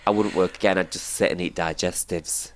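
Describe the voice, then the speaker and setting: A man's voice: low-pitched, fairly even intonation. Male co-host, playful, teasing banter. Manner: cheeky, quick quips. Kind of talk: casual chat.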